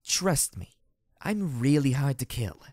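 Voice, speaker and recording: A hoarse man voicing a brutal female pony warrior who slurs her words slowly. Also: medium pitch, wildly swooping pitch, dry recording, clean studio sound, pitched above the performer's own voice. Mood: slurred. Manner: slurred, drawn out.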